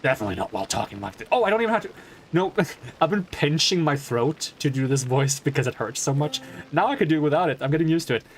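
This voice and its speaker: A man's voice: on the high side, animated, fast talker. A man streaming a game, commenting casually and laughing at himself as he rambles. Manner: laughs often, self-mocking, rambling. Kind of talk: casual commentary while reading game dialogue.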